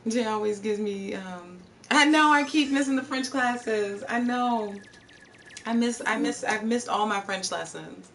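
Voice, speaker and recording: A woman's voice: a little high, measured pace, a bit bright, distant mic, slight background noise. A woman live streamer chatting casually and answering her viewers' chat messages. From Virginia, USA. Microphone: streaming setup.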